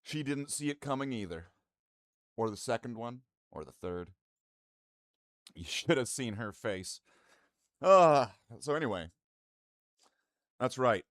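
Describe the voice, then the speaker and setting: A man's voice: mid-range voice, expressive, takes it slowly, long pauses, dry recording, clean studio sound. Foul-mouthed rambling male streamer. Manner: profane, rambling, mock-indignant banter with chat. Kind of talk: casual live-stream chat.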